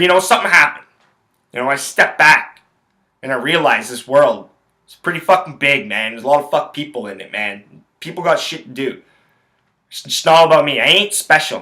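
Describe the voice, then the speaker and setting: A man's voice: a little high, sharp tone. Profane ranting young man. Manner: profane, blunt, rambling storyteller. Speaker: podcast host. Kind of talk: solo podcast rant.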